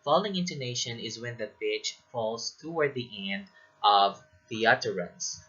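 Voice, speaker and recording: A man teaching a recorded lesson on English pronunciation, explaining slowly and reading example sentences aloud. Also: medium pitch, expressive, pushed and bright, husky, muffled recording.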